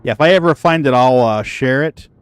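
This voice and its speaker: A man casually chatting with his stream viewers, telling a story in an animated, profane way and laughing easily. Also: medium pitch, a little fast, clean tone, soft background music. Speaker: gaming livestreamer.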